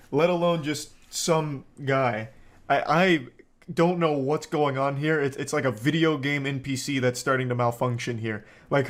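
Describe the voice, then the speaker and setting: A man giving reaction commentary on a video with dry, sarcastic asides. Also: mid-range voice. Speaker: commentary host.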